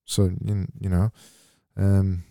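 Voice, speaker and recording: A man's voice: deep voice, flat delivery, slow, creaky, dark tone, no room sound. A British man hosting a podcast, rambling through a comic monologue with stumbles and dry, self-mocking humor. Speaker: podcast host. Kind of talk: casual comedic monologue.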